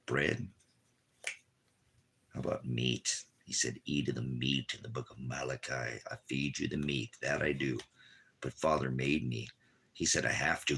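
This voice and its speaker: A fervent man preaching an informal sermon, his voice low and gravelly with a husky rasp. His tone is sharp and bright, and he swings between quiet asides and shouted warnings. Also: a little slow.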